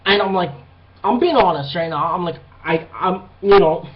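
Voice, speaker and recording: Profane high-voiced man ranting a story. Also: normal speed, highs cut off. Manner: profane, rambling, animated retelling. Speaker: vlogger. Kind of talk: casual storytelling monologue.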